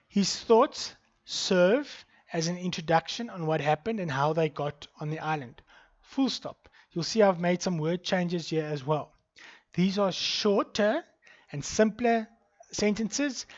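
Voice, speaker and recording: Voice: medium pitch, dull audio. A university lecturer gives a recorded online lecture. The lecturer explains step by step, reads punctuation marks aloud, and moves between Afrikaans and English.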